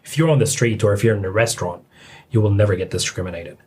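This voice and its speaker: A man talking as a podcast guest in a relaxed, hesitant way with many fillers. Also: lowish voice, fast talker, a little hiss or hum. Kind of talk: casual podcast chat.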